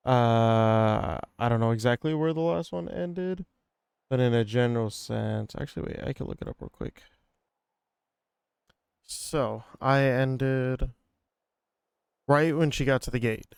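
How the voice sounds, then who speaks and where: A man's voice: medium pitch, steady tone, measured pace, creaky, long pauses, a little mellow, clear, resonant tone, no echo. A man casually recapping a video game for viewers, rambling and swearing, with lots of fillers. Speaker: gaming streamer. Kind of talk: let's-play recap commentary.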